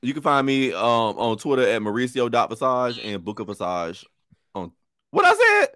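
A man's voice: mid-range voice, huge pitch swings, normal speed, pushed and bright, no room sound, studio quality. A man co-hosting a podcast in blunt, sassy casual chat. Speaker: podcast co-host.

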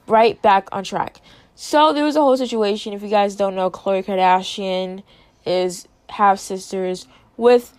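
A woman hosting a casual commentary, chatty and animated, acting out what others said. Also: medium pitch, a little slow, no echo. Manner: chatty, animated, acts out quotes. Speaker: host.

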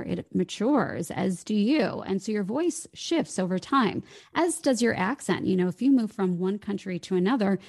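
An articulate woman voice coach talks through her ideas in a smooth, flowing manner. Her voice sits at an ordinary middle pitch, and the recording is close and dry with no room sound. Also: darkish tone, no echo. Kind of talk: podcast interview conversation.

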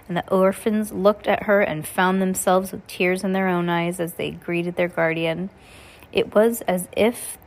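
Woman reading a novel aloud. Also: fairly low pitch. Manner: plain, unhurried, with small stumbles. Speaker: reader.

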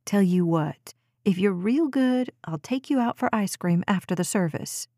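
A woman's voice: medium pitch, expressive, measured pace, mellow, no echo, clean studio sound. A woman voicing an exasperated young mother who scolds her daughter firmly but with a teasing edge. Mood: teasing coaxing. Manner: firm, scolding, half teasing.

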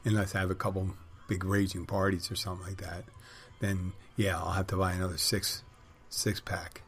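A man's voice: low voice, little pitch movement, moderate pace, a bit bright, soft background music. A middle-aged man hosting a podcast, telling wry, crude, rambling stories in a casual monologue. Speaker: podcast host.

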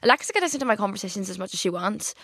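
Fast-talking chatty woman podcaster. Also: medium pitch, husky, no room sound, studio quality. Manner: chatty, filler-heavy storytelling with animated quoted asides. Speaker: podcast host. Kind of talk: casual chat.

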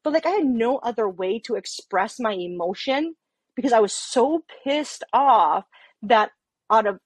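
A woman's voice: fairly high pitch, a little slow, breathy edge, no echo. A woman police officer telling a story in casual talk, swearing often and acting out both sides of the conversations. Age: adult with an underage daughter. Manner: profane, animated, acts out both sides of conversations.

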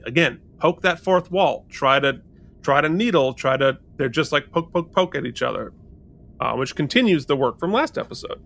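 A man's voice: fairly high pitch, normal speed, gravelly. A man co-hosting a podcast, casually recapping and reviewing a television episode, quoting lines as he goes. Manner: animated, recapping scenes with quoted lines. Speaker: podcast co-host. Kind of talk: casual chat.

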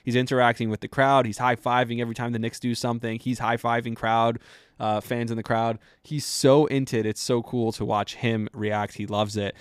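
A man's voice: mid-range voice, level tone, fairly quick, clean tone, no room sound, clean studio sound. A man hosting a sports podcast, talking casually and rambling with lots of fillers as he goes. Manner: chatty and rambling, with many fillers.

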